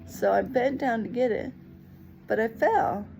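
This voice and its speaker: A woman telling a personal story in a lively, expressive way, acting out other people's lines as she goes. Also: fairly high pitch, measured pace, creaky, slight background noise, poor audio. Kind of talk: personal story told to the camera.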